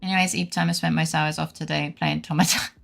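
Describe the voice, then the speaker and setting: A young woman with a low, gravelly voice chats loosely with her stream viewers, laughing and swearing as she goes. She sounds a bit feverish and worn, with faint music playing underneath. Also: flat delivery, quick pace, a bit bright. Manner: laughs often, swears casually. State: feverish, unwell. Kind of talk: casual chat with stream viewers.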